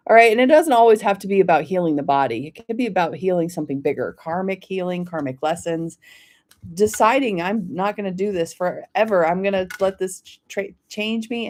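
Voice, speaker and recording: A woman hosting a live stream, reading oracle cards for viewers by name in a gentle, encouraging way and often checking in with "okay?". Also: mid-range voice. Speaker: oracle card reader, host of a weekly live stream.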